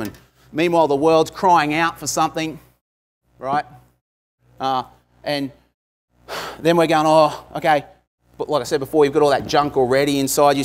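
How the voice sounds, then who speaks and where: A man, a pastor, giving a conversational sermon, with frequent asides to the congregation. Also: on the high side.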